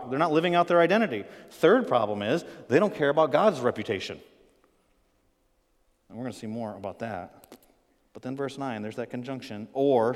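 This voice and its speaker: A man preaching a sermon, telling a story with animated acted-out quotes and swinging between loud emphasis and quiet asides. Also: medium pitch, long reverb tail. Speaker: pastor.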